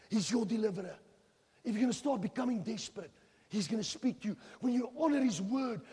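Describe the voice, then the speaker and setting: In a large church hall with long reverb, a high-voiced man with a South African accent preaches a sermon. He swings between hushed phrases and shouting, mixing Afrikaans phrases into his English.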